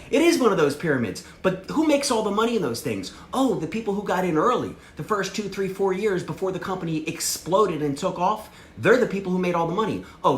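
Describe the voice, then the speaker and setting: A man giving a brash, slangy sales training talk to a group. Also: fairly high pitch. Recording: echoey room with faint ambience.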